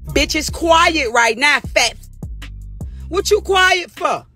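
A woman's voice: high-pitched, lively intonation, takes it slowly, pushed and bright, soft background music. A middle-aged woman livestreaming a profane, taunting rant, drifting into sing-song mockery. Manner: profane, taunting, heated trash talk. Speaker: social media personality.

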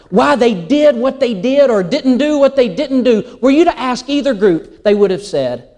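Animated, high-pitched man preaching. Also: unhurried. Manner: animated storytelling, acts out quoted dialogue. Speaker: pastor. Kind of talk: sermon.

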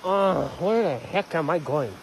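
A man's voice: on the high side, animated, measured pace, creaky, noisy background. Chatty man vlogging on a forest trail. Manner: chatty, swears a lot, talks to viewers as "you guys". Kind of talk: rambling outdoor vlog.

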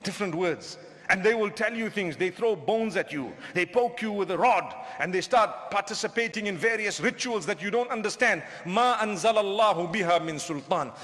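A man preaching to a live crowd with a very high voice for a man, carried by a long hall reverb. He is animated and humorous and keeps throwing questions at his listeners. He is from southern Africa. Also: fast talker. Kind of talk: lecture to a live audience.

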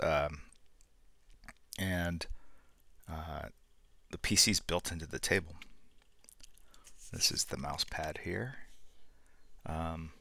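Gravelly low-voiced man chatting on stream. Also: no room sound. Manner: relaxed, rambling, greets chat viewers by name. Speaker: artist hosting a live art stream. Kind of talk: casual live-stream chat. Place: home studio room.

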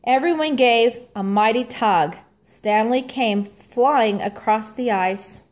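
A woman reading a children's storybook aloud in a gentle, clearly paced narration. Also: fairly high pitch, takes it slowly. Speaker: storybook reader.

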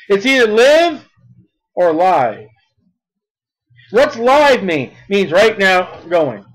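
High-voiced man preaching. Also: low-quality recording. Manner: emphatic, reads scripture slowly then speeds up. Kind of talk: sermon.

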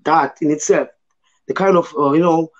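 Hoarse South African man, rambling. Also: a little high, normal speed, dull audio. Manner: loose and rambling, many fillers like "you know" and "man". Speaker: guest poet. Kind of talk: casual conversation in a virtual panel.

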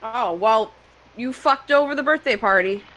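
A woman's voice: on the high side, moderate pace, fairly bright tone, low-quality recording. A woman co-hosting a film riff, making crude, mocking jokes in casual chat. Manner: crude, joking. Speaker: co-host.

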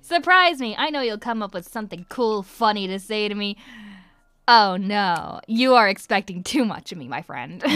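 Signing autographs at home during a livestream, a woman with an Irish accent, a voice actress, chats casually and giggles over faint background music. She speaks at medium pitch in a sing-song, moderate-paced way, her tone fairly bright, clear and resonant in a dry recording, musing aloud as she writes.

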